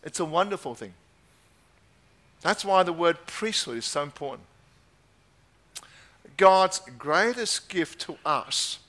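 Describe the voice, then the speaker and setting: A man with a high voice preaching a sermon. He reads scripture passages aloud and stresses his points by repeating them with emphasis. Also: sharp tone.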